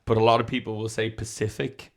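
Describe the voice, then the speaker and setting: A man's voice: medium pitch, a little fast, fairly bright tone. An Irish man in his twenties or thirties with a mid-range voice. He tells stories in a rambling, self-interrupting way and keeps checking in with his listener. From Ireland. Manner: rambling, self-interrupting, "do you know what I mean". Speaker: podcast co-host, comedian. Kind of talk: casual chat.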